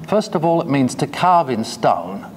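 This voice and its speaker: A man giving a classroom lecture, talking slowly and hesitantly with many fillers and asides. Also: medium pitch, very animated. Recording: long reverb, faint noise.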